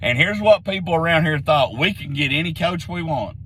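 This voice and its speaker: A man's voice: a little high, expressive, normal speed, a bit bright, slight background noise, rough recording. Heated man ranting, a bit sick. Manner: blunt, repetitive, heated. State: getting sick, slightly hoarse. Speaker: sports commentary vlogger. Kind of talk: opinionated rant to camera.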